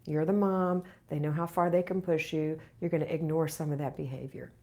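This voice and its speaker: A woman's voice: deep voice, fairly even intonation, fairly quick, a little mellow. A middle-aged woman hosting a live question-and-answer stream, reading viewer comments aloud and answering with chatty encouragement. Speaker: home organizing channel host.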